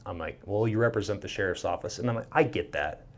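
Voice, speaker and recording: Animated storytelling man, low voice. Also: quick pace. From Minnesota. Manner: animated, swears freely, acts out quoted dialogue. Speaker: podcast guest. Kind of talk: casual storytelling.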